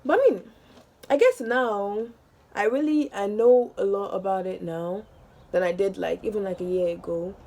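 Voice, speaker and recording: A woman's voice: mid-range voice, animated, moderate pace, mellow. A young woman talks straight to her viewers in a loose get-ready-with-me vlog. She rambles through a story with constant fillers and breaks into laughter often. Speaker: vlogger.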